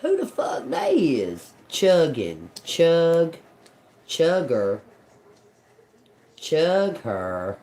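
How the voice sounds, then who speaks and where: A woman's voice: sits low, huge pitch swings, very slow, long pauses, dark tone. A woman streaming live as a psychic reader, muttering single words over and over, puzzled and swearing at what she hears. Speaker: tarot and oracle live streamer.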